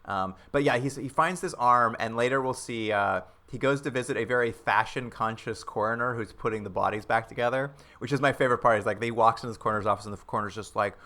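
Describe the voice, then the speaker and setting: A man's voice: mid-range voice, fast talker, hardly any pauses, sharp tone. A man casually recapping a TV episode with a co-host, rambling and joking, acting out quotes in playful voices. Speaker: podcast co-host.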